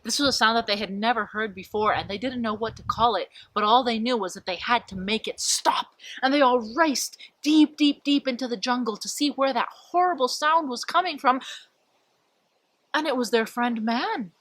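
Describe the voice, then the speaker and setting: A woman telling a folk tale in an expressive, dramatic storytelling manner. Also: fairly high pitch, normal speed, dry recording. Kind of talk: spoken folk tale narration.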